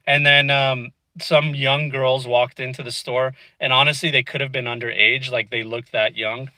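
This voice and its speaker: A man sits in his car telling a story straight to camera, chatty and exasperated, and says "dude" a lot. His voice is bright and forward, with a middling pitch. The sound is dry and close, with no room echo. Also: level tone, moderate pace. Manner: chatty, frustrated, peppered with "dude" and "you know what I mean". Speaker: vlogger. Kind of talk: casual storytelling. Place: inside a car.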